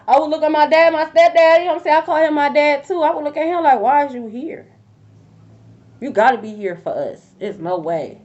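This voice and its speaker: A woman giving a tarot reading in a casual, blunt and profane rant. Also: a little high. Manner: blunt, profane, fired-up talk. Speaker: tarot reader. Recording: dull lo-fi audio.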